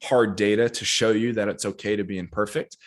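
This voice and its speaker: Deep-voiced guy coaching on nutrition, podcast guest, fired up and emphatic. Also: a little fast. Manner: energetic, emphatic, animated asides.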